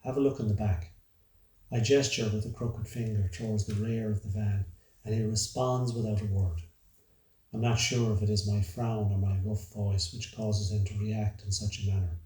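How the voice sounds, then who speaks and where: A man narrating a dark first-person story in a measured, brooding, dramatic way. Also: lowish voice, level tone. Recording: roomy, distant from the mic.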